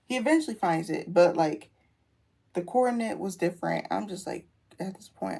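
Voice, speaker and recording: A young woman vlogger chats through a get-ready-with-me, retelling a long story with lively slang and quoted voices. Her voice has a gravelly fry to it. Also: fairly low pitch, normal speed. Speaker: beauty vlogger. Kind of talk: casual storytelling while doing makeup.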